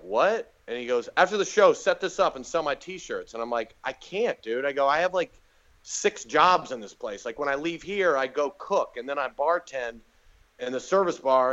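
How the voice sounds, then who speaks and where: A man's voice: medium pitch, highs cut off. A man, a comedian, telling stories in a casual podcast chat and acting out the people he quotes. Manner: animated storyteller doing quoted voices. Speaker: guest comedian. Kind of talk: casual storytelling.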